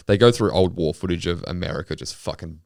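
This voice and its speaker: Low gravelly man chatting. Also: fast, darkish tone, dry recording, clean studio sound. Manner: sweary, laid-back banter. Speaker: podcast co-host. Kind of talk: casual chat.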